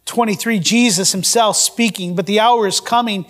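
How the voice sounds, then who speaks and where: A man's voice: high voice, moderate pace, a bit bright. A man preaching a sermon, reading scripture aloud and asking his listeners questions. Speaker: pastor.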